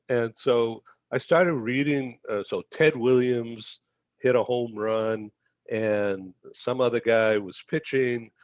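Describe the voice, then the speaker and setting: A man's voice: on the low side, no echo. A man from the Boston area, a guest telling a rambling story in a casual interview and tagging his lines with "okay?". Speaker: guest, magazine publisher.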